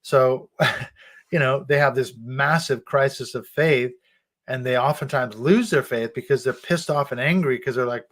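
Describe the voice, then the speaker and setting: A middle-aged man, a guest author, talking casually and telling animated stories about his upbringing, laughing now and then. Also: mid-range voice, unhurried. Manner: animated storytelling with frequent laughs. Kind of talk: casual conversation.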